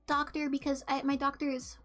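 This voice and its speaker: High-voiced young woman chatting on stream. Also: measured pace, fairly bright tone, faint music behind. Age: young adult. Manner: rambling, full of ums and restarts. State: coughing, throat full of mucus. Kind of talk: casual chat.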